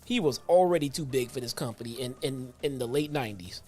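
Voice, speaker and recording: A man hosting a retro review show in a relaxed, profane way. He tells stories with growing animation, slipping in slang and restarts. Faint music plays in the background. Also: mid-range voice, a little fast, breathy edge. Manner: casual, profane, animated storytelling. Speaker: host. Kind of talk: casual retro wrestling review.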